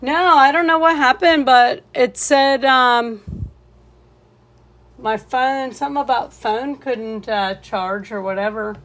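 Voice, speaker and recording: A woman's voice: high-pitched, slow, a bit bright. A woman leading a live painting tutorial, laid-back and thinking aloud as she works. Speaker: painting instructor.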